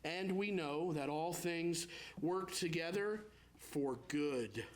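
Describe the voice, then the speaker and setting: A male pastor preaching a sermon, telling personal stories and acting out anxious prayers in a raised, pleading voice. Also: slow. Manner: animated preaching, acts out prayers in a high pleading voice; storytelling with personal anecdotes.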